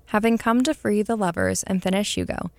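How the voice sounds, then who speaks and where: A woman narrating a story aloud in a measured, expressive reading. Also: medium pitch.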